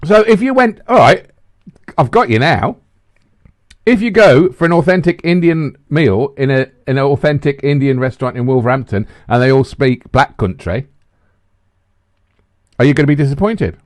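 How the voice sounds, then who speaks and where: A man's voice: mid-range voice, moderate pace, pauses often, dry recording, clean studio sound. A man from the bantering casually on a podcast as a co-host, laughing and swearing as he talks. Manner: animated, swearing, laughs often.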